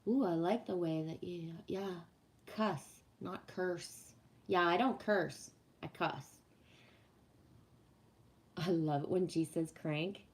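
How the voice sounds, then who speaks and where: Speaking slowly and leaving long pauses, a woman with a low-ish voice hosts a casual live chat with her viewers. She rants bluntly, curses without holding back, and later reads oracle cards.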